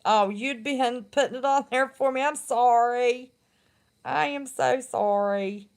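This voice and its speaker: A woman's voice: a little high, slow pace. A middle-aged woman, chatting casually and bluntly on her live stream and laughing often. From West Virginia.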